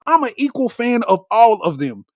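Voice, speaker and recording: High, lively-voiced male comedian. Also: moderate pace, no room sound, clean studio sound. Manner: animated, slangy, laughs at his own jokes. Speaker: comedian podcast host. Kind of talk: comedic monologue.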